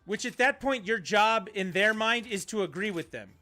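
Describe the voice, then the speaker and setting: High bright-voiced ranting streamer man. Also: lively intonation, moderate pace, soft background music. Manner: ranting, blunt and profane. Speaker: game streamer. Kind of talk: casual livestream chat while gaming.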